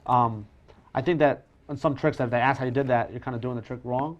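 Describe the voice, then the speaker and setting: A professional magician chatting casually, self-deprecating and full of restarts. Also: male voice, mid-range voice, fairly even intonation, fast talker, lo-fi sound. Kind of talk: casual conversational chat.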